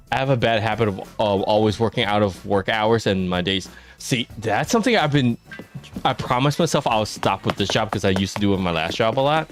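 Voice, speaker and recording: A man with an Eastern American accent, chatting casually while streaming a game and telling rambling stories with many fillers. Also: fairly low pitch. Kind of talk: casual chat while gaming.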